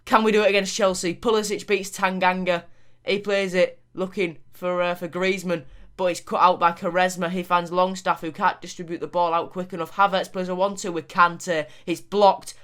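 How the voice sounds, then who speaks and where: A man giving lively video game commentary on a football match. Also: sits high, moderate pace, smooth. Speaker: gaming YouTuber.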